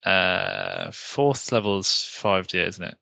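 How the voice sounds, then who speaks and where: A man playing a tabletop game speaks in a very low voice with a gravelly fry and a bright, forceful edge. The sound is dry and close. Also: wildly swooping pitch, slow pace, no echo. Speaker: player. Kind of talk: casual tabletop play.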